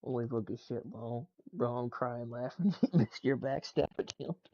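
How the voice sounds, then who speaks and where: A man's voice: medium pitch, moderate pace, highs cut off. A man casually reacting to gaming clips and tweets, laughing often and swearing loosely. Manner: laughs a lot, loose and profane. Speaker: gaming news streamer.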